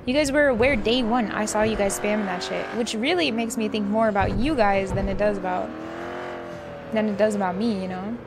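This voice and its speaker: A woman's voice: medium pitch, a little fast. A woman streamer chatting casually while gaming, rambling loosely and swearing freely. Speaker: streamer playing a role-play game. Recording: game audio and engine noise behind her.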